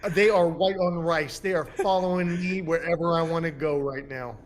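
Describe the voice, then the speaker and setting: A player in a tabletop game, talking casually with playful, loud outbursts in character. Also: mid-range voice, fairly even intonation, normal speed, a little hiss or hum.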